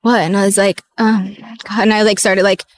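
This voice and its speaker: A woman's voice: medium pitch, level tone, a little fast. Chatty young woman retelling a story. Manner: chatty, many "like" fillers, retells scenes with quoted dialogue. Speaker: former contestant, guest. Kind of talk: casual interview chat.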